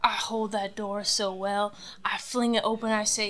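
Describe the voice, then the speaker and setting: A woman playing a tabletop game, speaking in character in a hesitant, halting way. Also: mid-range voice, level tone, fairly bright tone, faint music behind. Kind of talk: in-character role-play.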